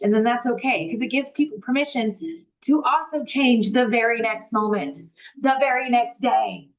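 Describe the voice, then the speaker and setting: A woman's voice: sits high, rough recording. A woman giving a candid spiritual talk on a live stream, swearing freely and acting out her inner thoughts, later reading aloud from a book. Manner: reads aloud from a book slowly.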